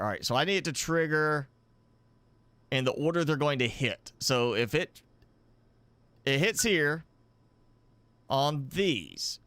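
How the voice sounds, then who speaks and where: A man streaming a game live, thinking aloud as he builds, with halting, self-correcting talk. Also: medium pitch, fairly bright tone, smooth, no room sound. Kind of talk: live gameplay commentary.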